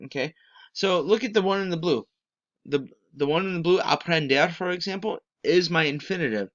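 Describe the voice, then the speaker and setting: A man's voice: fairly high pitch, animated, normal speed, a bit bright. Patient man teaching a slide lesson. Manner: patient, repeats okay to check understanding. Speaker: Spanish teacher. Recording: dull lo-fi sound.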